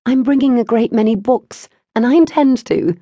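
A woman voicing a bookish, level-headed woman in her twenties who reasons calmly with her mother. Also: a little high, normal speed, dry recording, dull audio, pitched above the performer's own voice, natural voice. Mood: firm. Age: 20s.

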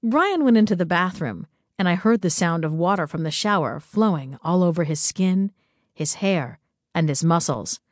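A woman narrating a first-person story in a slow, intimate, measured reading on a close studio mic. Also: on the low side, lively intonation, dry recording. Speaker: audiobook narrator.

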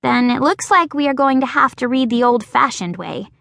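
A woman voicing an excitable, dramatic young girl who talks in a shrill, breathless way. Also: normal speed, vocal fry, dry recording, studio quality, exaggerated voice. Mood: eager.

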